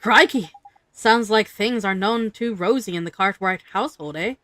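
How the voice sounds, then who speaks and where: A woman's voice: mid-range voice, normal speed, sharp tone, natural voice. A woman voicing a cheeky male fairy companion, reading game lines in a cocky, slangy, blunt way. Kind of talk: reading game dialogue aloud.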